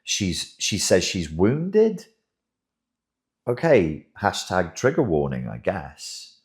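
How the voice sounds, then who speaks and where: A man with a lowish voice that swings widely in pitch, delivering an emphatic, wry commentary monologue. He speaks slowly and deliberately and often doubles back on his words. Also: huge pitch swings, darkish tone. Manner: emphatic and wry, with frequent self-repeats. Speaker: host, relationship commentator.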